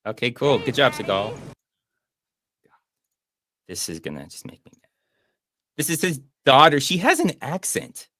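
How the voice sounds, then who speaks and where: A man's voice: medium pitch, very animated, a little slow, long pauses, bright, forceful tone, dry recording. Sarcastic man riffing on a bad movie. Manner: sarcastic and mocking. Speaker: podcast host and movie reviewer. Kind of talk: casual movie commentary chat.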